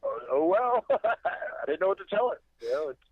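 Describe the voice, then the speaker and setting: A man's voice: high-pitched, very animated, moderate pace, no echo. A man, a wrestling promoter, telling road stories in a rambling casual chat, with many restarts and acted-out quotes. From Delaware. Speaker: podcast guest, wrestling promoter. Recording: dry tinny phone-line sound.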